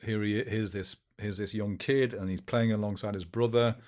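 A man's voice: on the low side, fairly even intonation, moderate pace, a little mellow. A man co-hosting a casual football chat, teasing his colleagues. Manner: teasing, banter-heavy. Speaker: podcast co-host.

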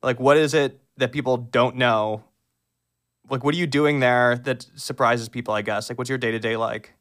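A man's voice: mid-range voice, fairly even intonation, normal speed, fairly bright tone. Curious man host with eager questions. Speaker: podcast host. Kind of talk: casual interview chat.

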